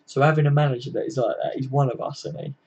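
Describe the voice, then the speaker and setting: A man's voice: medium pitch, fairly even intonation, racing, a little mellow, breathy edge, muffled recording. A man, hosting a casual live-stream chat, chatting loosely and answering viewer comments. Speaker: livestream host. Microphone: computer mic, live stream.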